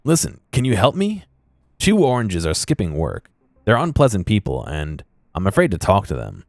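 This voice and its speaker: A man's voice: lowish voice, huge pitch swings, moderate pace, creaky, darkish tone, no room sound, clean studio sound, full character voice. A man voicing a lost, nervous young female trainee administrator in a video game, with a Scandinavian accent and a timid, hesitant way of talking. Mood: anxious.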